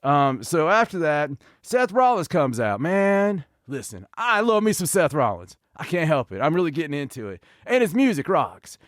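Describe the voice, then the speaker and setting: A man hosting a podcast, reviewing wrestling in casual chat with an animated, joking, ranting manner. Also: a little high, moderate pace, few pauses, dry recording, clean studio sound. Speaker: podcast host.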